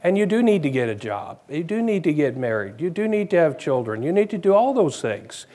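A man's voice: fairly high pitch, sing-song, fairly quick, dark tone. A man preaching a conversational sermon, asking his congregation questions.

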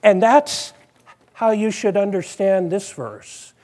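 High-voiced slow preaching man. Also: lively intonation, darkish tone. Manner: conversational, repeats phrases, asks the congregation questions. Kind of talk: sermon.

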